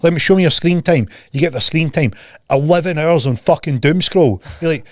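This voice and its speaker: A man's voice: on the high side, fairly quick, dry recording, studio quality. A man hosting a podcast in a casual chat, ranting bluntly and profanely and mocking people with put-on voices. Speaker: podcast host.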